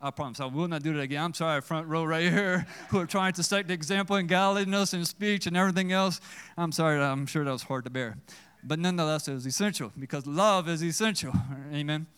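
A man delivers a sermon in an earnest, preacherly way, repeating himself and asking the congregation questions. His voice is high and pitched well above most men's. The tone is smooth and resonant. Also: quick pace, a bit bright. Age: adult with children. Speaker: pastor.

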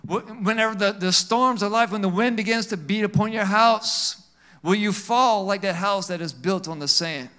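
A male pastor preaching a sermon with call-and-response amens, swinging between emphatic and quiet passages. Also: high voice.

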